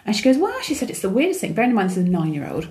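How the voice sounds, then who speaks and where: Podcast co-host, woman, middle-aged, lively chatty storyteller. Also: mid-range voice, very fast. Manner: chatty storyteller, acts out quoted dialogue. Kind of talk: casual chat.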